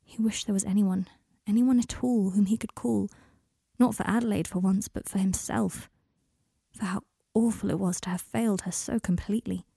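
A woman narrating a story in a soft, half-whispered delivery. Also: medium pitch, fairly even intonation, normal speed, gravelly, slightly rough, no echo, studio quality. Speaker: story reader. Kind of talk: audiobook narration.

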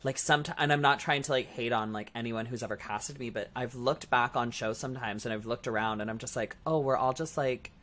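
A man's voice: mid-range voice, fairly even intonation, fairly quick, hardly any pauses, pushed and bright, slight background noise. A man co-hosts a casual podcast, talking through his thoughts in a loose, rambling way. His speech is packed with filler words as he circles back on himself. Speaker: podcast co-host; drag performer. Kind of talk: casual chat.

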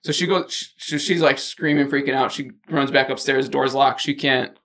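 A man's voice: medium pitch, steady tone, normal speed, a bit bright. A man co-hosting a podcast, retelling a movie plot in casual chat, rambling with lots of fillers. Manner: rambling storyteller, many fillers like "like" and "or whatever". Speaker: podcast co-host.

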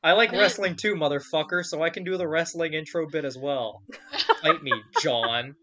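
A man's voice: on the high side, moderate pace, bright, forceful tone. A man hosting a casual video game podcast, who swears freely and drops into hammy, theatrical announcer intros for his co-hosts. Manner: playful, crude, theatrical announcer bits. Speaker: podcast host.

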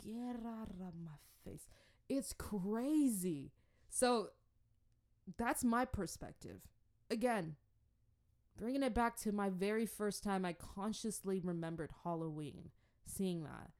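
A young woman from the Congo telling stories in a casual, playful way. She is animated and often slips into acted-out voices. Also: mid-range voice, slow. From Democratic Republic of the Congo. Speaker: vlogger. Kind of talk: casual storytelling commentary.

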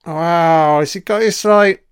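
A man's voice: on the high side, slow, smooth, no room sound, clean studio sound. A man giving a casual, profane commentary while watching a TV series, chatty and reacting as he goes. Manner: sweary, chatty, reacting to the screen.

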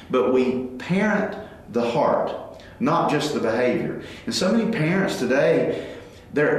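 Guy in his 40s preaching on raising kids, lively, acts out little scenes, mid pitch, boomy echo. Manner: animated, acts out family dialogues. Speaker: parenting speaker. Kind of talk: faith-based parenting talk. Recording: very echoey room.

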